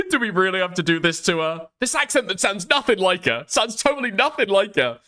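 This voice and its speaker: A man's voice: high-pitched, very animated, a little fast, sharp tone. A man doing casual reaction commentary on a stream, chatty and profane, often laughing as he talks.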